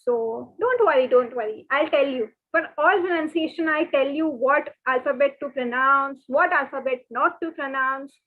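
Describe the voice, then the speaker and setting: A woman teaches in an online lesson, her voice high and bright in pitch. She is patient and says every word slowly, over and over. The sound is thin and narrow, like a phone line. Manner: patient, repeats each word slowly and often. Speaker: French teacher. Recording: thin phone-like webinar audio.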